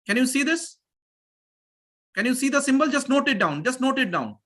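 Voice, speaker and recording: Lively teacher on a video call. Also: male voice, extremely high pitch, moderate pace, slight background noise. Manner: energetic, repeats phrases to drill students. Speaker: English pronunciation teacher. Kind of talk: live online class teaching.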